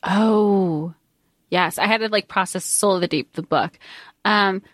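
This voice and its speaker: A woman's voice: medium pitch, unhurried, dry recording, studio quality. A woman co-hosting a podcast, reflecting on a book and working through her notes aloud. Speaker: podcast co-host. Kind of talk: casual book discussion.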